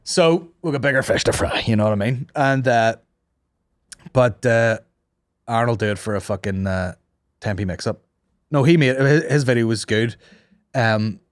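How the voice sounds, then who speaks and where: A man's voice: medium pitch, dry recording, studio quality. A man hosting a comedy podcast, telling stories in casual, sweary banter and slipping into mock voices. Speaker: podcast host.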